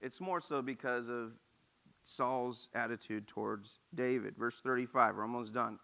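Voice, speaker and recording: A man's voice: medium pitch, measured pace, gravelly, bright, forceful tone. A man pastor preaching a casual, conversational sermon, reading scripture and breaking in with joking asides.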